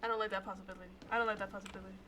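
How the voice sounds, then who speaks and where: A woman's voice: medium pitch, level tone, very fast, pushed and bright, a little hiss or hum. A young woman streaming a game, reacting nervously, swearing and laughing. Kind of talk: live gameplay commentary.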